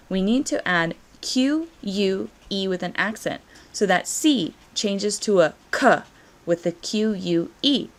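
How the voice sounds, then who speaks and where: A woman Spanish teacher, encouraging and slow and clear as she walks through verb conjugations in a recorded lesson. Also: fairly low pitch.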